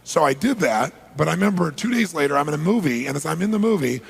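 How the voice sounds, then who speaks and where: A man's voice: on the high side, expressive, quick pace, vocal fry, in a large hall, slight background noise. A man giving a motivational seminar, telling stories energetically, acting out dialogue and asking the audience questions. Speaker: motivational speaker. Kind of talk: live seminar storytelling. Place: large seminar hall.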